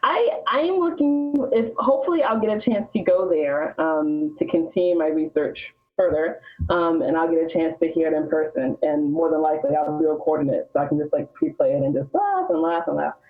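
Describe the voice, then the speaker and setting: A woman's voice: sits low, animated, brisk. A woman from Alabama, a guest on a podcast, explaining history in a chatty, informal way. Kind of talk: casual podcast chat. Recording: slightly dull lo-fi sound.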